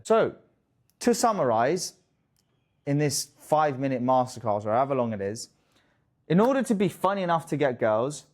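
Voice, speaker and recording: A young man talking straight to camera as a dating coach, casual and jokey, swearing freely and tossing in quick asides. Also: on the high side, a little mellow. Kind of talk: direct-to-camera coaching talk.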